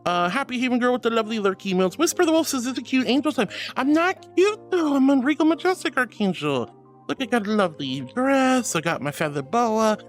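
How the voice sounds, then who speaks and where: High-voiced, affectionate male streamer. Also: very animated, fairly quick, faint music behind. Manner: affectionate, calls viewers sweetheart and honey; gushing and playful. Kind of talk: casual livestream chat, reading viewer messages.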